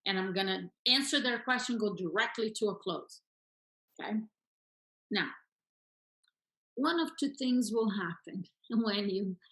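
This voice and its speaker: A woman coaching real estate agents in an energetic lesson, acting out phone calls in quick voices. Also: medium pitch, echoey room, poor audio.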